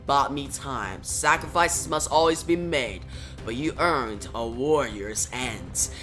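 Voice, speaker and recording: A woman voicing a stern, commanding male antihero ruler in a low, hushed voice while reading a comic aloud. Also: lively intonation, slow, faint music behind, exaggerated voice.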